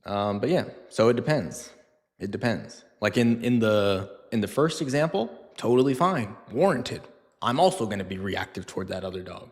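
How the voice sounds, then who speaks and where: In a large hall, a man who trains dogs answers viewers on a live stream with a medium-pitched voice, lively intonation and normal speed. His talk is casual and filler-heavy, and he acts out scenes using funny voices.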